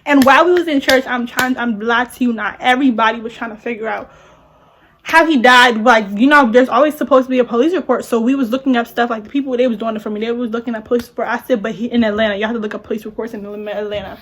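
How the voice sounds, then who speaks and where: A young adult woman telling a story on her vlog in casual chat, animated and slangy, full of "like"s. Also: a little high, fast. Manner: animated, talks with many "like"s and slang. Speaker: vlogger.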